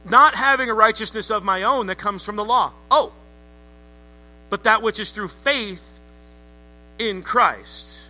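A pastor preaching a sermon in a church service, emphatic and calling on the congregation to repeat words back to him. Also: male voice, sits high, measured pace, long pauses, bright, forceful tone, low-quality recording.

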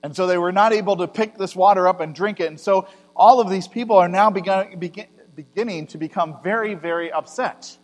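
A male pastor giving a conversational sermon, rising to loud emphasis and dropping to quiet asides. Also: sits high, fairly quick. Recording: long hall reverb with mains hum.

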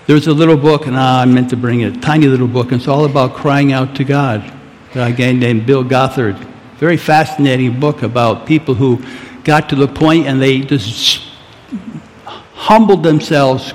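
Guy preaching, earnest, gets urgent and pleading, voice a bit high, echoey hall. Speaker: pastor. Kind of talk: sermon.

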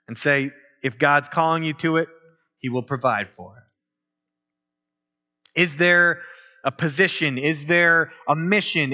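A man's voice: fairly high pitch, pushed and bright. A man preaching as a pastor, in a conversational style full of rhetorical questions. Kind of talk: sermon. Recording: dull lo-fi recording.

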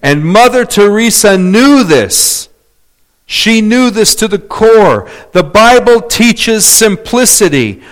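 A man preaching a sermon, calling out for amens and hallelujahs, swinging between loud emphatic points and quiet asides. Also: high voice, slow pace. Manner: animated, calls for amens and hallelujahs.

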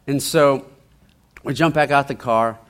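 A man preaching, telling a testimony in a lively storytelling way and often repeating his words as he goes. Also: medium pitch, a little slow, clear, resonant tone. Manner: animated storytelling, acts out quoted voices, repeats words.

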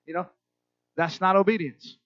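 A man's voice: sits high, fairly even intonation, normal speed, no echo. A middle-aged man preaching a sermon to a church crowd, chatty and conversational, often checking in with his listeners. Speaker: pastor. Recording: dull lo-fi dry sound.

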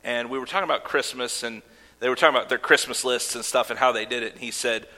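Here the pastor's voice sits mid-range, fast, bright and forceful as he delivers an earnest sermon with casual asides and fillers. The sound carries a long hall reverb.

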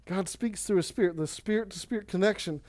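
Man, high voice, pastor, casual energetic sermon, reads scripture aloud. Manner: casual, energetic preaching with quick asides and Bible readings.

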